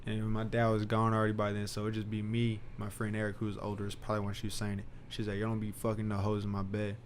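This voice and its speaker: A man's voice: on the low side, monotone, fast, a little hiss or hum. A young man hosting a podcast, telling loose, profane stories in casual chat and laughing often. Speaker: podcast host.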